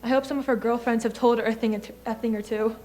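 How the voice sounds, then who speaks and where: Girl doing a teary mom before her daughter's wedding, high voice, stage play, faint music behind. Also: steady tone, fast talker, darkish tone, lightly acted. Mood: tearful, rueful. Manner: stage acting, rueful and weepy. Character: tearful middle-aged mother of the bride. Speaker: student actor in a school play. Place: school theater stage.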